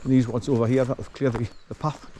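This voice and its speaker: Out on a rural woodland track, a man filming his walk keeps up casual, rambling narration for the viewer. He speaks fast and flat at a medium pitch, and the background is noisy.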